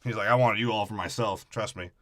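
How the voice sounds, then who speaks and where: A man's voice: lowish voice, fairly even intonation, quick pace, no echo, clean studio sound. A man co-hosting a comedy movie podcast, riffing crudely and slipping into character voices. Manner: riffs with put-on character voices. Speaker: podcast co-host.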